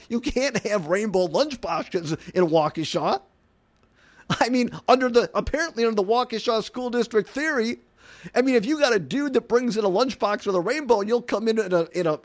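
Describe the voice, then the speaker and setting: A man hosting an opinionated talk radio show, incredulous and animated, often laughing and saying "I mean". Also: extremely high pitch.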